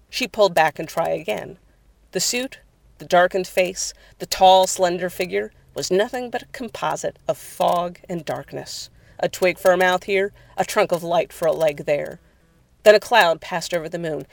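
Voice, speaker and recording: A narrator reading a horror story aloud in a measured, even way. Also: mid-range voice, vocal fry, no echo.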